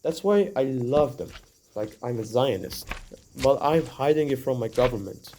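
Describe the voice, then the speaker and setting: Rambling young man with a mellow voice. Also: mid-range voice, moderate pace. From Iran. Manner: rambling, earnest, heavy use of "like" and "you know". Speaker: vlogger. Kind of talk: casual opinion monologue.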